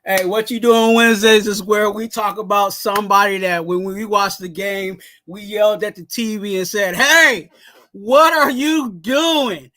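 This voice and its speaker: A man hosting a fan sports show, ranting heatedly and often shouting, with lots of "you know what I'm saying". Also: high-pitched, little pitch movement, moderate pace, few pauses, no echo. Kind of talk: casual sports talk, ranting segment.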